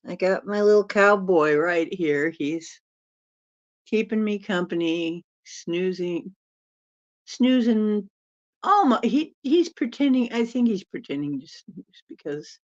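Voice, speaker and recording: A woman's voice: on the low side, a little mellow. A woman hosting a casual live-stream Q&A as a spiritual channeler, chatting in a rambling way and laughing often. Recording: dull lo-fi sound.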